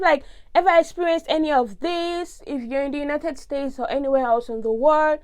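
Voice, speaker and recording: Brief: young Nigerian-accented woman, high voice, animated expressive vlogger rant. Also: moderate pace, few pauses. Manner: expressive, ranting, big swings in tone. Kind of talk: casual vlog monologue.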